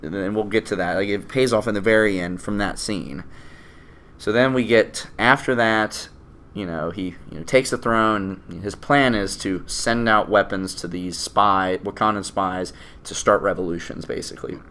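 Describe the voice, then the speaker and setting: Low-voiced man chatting about a movie. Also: moderate pace, smooth. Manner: animated, laughs often, acts out quoted lines. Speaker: podcast co-host. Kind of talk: casual movie review chat.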